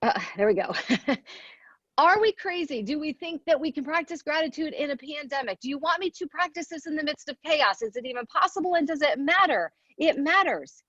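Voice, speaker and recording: A woman's voice: sits high, lively intonation, brisk, fairly bright tone, dry recording, dull audio. A woman giving an earnest motivational talk, asking rhetorical questions and counting off her points. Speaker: speaker at a women's leadership event.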